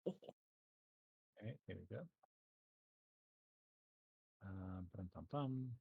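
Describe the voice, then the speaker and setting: A man narrating as game master of a tabletop game, easygoing and halting. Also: low-pitched, gravelly, slightly rough, dry recording. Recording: dull lo-fi mic.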